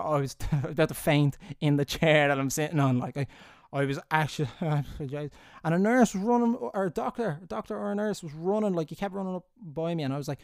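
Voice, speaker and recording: A man's voice: fairly high pitch, a little fast, darkish tone, dry recording. A young Irish man telling stories casually into a close mic, rambling, laughing and swearing as he goes. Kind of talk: casual anecdotal storytelling. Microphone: close studio mic.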